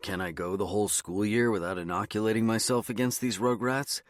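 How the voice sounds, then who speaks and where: Man reading a horror novel, measured and even, low voice, bone-dry studio sound. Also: dry recording. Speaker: audiobook narrator. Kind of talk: scripted first-person narration.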